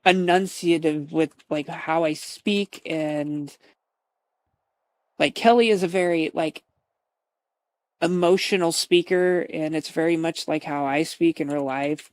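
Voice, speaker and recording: A woman's voice: sits low, slow, no room sound. A woman streamer chatting casually to her viewers, laughing often and swearing as she retells a roleplay scene.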